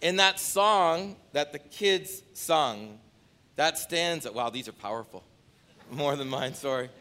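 A pastor delivering an impassioned sermon to his congregation, his delivery swinging from loud declarations to hushed appeals. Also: a little high, lively intonation, takes it slowly. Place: church sanctuary.

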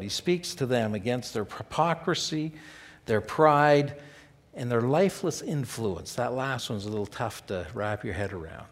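A man preaching a sermon in an earnest, conversational way, often checking in with his listeners with rhetorical asides. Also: medium pitch. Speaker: pastor.

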